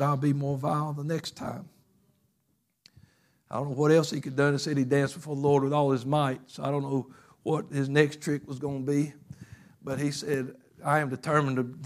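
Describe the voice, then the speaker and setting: A man preaching a fervent sermon, telling stories and swinging from loud bursts to hushed passages. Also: on the high side.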